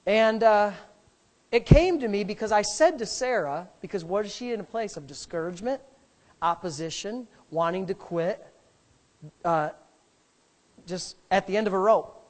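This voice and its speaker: A man's voice: high voice, moderate pace, pauses often. A middle-aged male pastor telling a story in a sermon, speaking emphatically and rambling, with frequent restarts.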